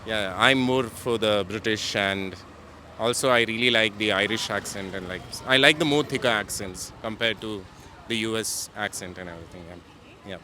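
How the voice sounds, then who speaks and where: Indian man on a street, low and bright, hesitant and casual. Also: normal speed, slight background noise. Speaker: interviewee. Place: city street outdoors.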